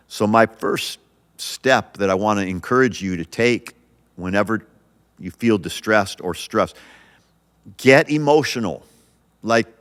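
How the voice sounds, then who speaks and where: A man's voice: medium pitch, a bit bright, in a large hall. A male pastor hosting a podcast, talking earnestly and encouragingly, often restarting his sentences. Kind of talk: podcast sermon.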